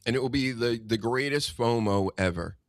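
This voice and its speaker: A man hosting a casual podcast chat, rambling and chatty with quick asides. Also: medium pitch, no room sound, clean studio sound. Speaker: podcast host.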